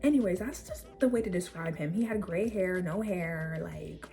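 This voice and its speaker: A young woman vlogger telling a story casually, animated and rambling with lots of fillers and swearing. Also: on the low side, moderate pace, creaky, soft background music.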